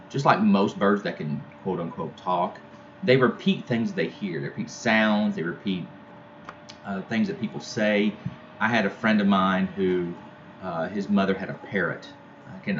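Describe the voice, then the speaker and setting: A man with a very low voice talks through a poem like a teacher, casual and full of fillers and restarts. The recording sounds a little dull, with a faint hiss underneath. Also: fairly bright tone. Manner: conversational, with many fillers and restarts. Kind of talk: casual poetry lesson.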